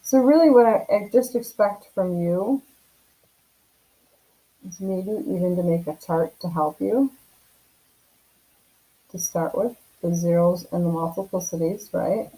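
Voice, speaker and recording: A woman teaches a recorded math lesson from home, talking casually and often checking in with "right?". Her voice sits low and sounds warm and mellow. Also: measured pace, long pauses, low-quality recording.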